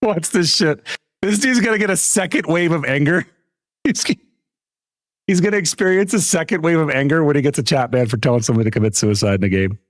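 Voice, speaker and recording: Animated, mocking male gaming streamer. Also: a little high, fairly quick, no room sound, studio quality. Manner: crude, mocking, laughing often. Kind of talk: live gameplay commentary.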